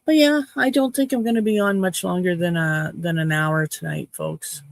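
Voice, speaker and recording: A woman's voice: on the low side, fairly even intonation, moderate pace, vocal fry, no echo. A woman in her fifties from Canada, casually chatting with her livestream viewers in a cheeky, playful way. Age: 50s. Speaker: livestream host.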